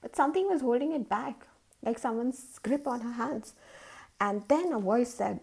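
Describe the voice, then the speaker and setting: A woman's voice: fairly high pitch, lively intonation, normal speed, mellow, husky. A woman telling a story in a chatty, casual way, with many fillers.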